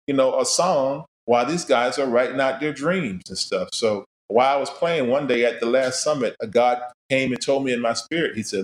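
Middle-aged man, podcast guest, casual and animated storyteller, acts out old conversations, roomy echo, medium pitch. He talks about himself in a friendly, lively manner. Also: moderate pace, few pauses.

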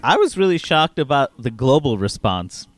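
A man's voice: medium pitch, sing-song, normal speed, loud music behind the voice. A man co-hosting a comedy podcast, speaking bluntly and with indignation. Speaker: podcast co-host.

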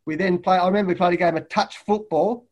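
High-voiced Australian man telling stories. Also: fast talker, lo-fi sound. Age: middle-aged. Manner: lively anecdotes, acting out quotes loudly. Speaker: guest, head coach. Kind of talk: animated storytelling in a podcast interview. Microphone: remote call.

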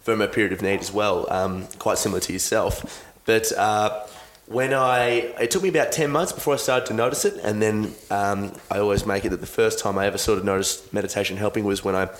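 A man's voice: on the low side, a little fast, a little hiss or hum. A man hosting a podcast, asking long rambling questions in a casual chat and cracking jokes. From Australia. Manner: rambling questions with many fillers and restarts, joking. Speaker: podcast host.

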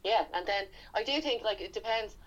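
A woman's voice: mid-range voice, fairly quick. A woman, co-hosting a podcast in frank, casual chat, laughing often. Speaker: podcast co-host. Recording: dull lo-fi podcast recording.

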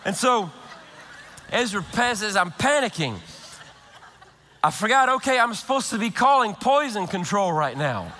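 A man, a pastor, preaching a sermon, praying and telling a humorous story in an animated way with quick restarts. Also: sits high, big-room sound.

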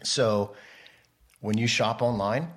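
Male podcast guest, deep voice, rambling conversational storyteller. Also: slow pace. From United States. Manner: rambling, self-interrupting storyteller. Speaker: podcast guest, model and photographer. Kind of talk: casual interview chat.

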